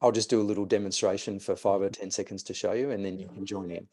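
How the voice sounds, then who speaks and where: A man's voice: sits low, fairly even intonation, fast, dark tone. A man, a mindset coach telling a client story and guiding a breathing exercise. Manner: storytelling, re-enacts conversations.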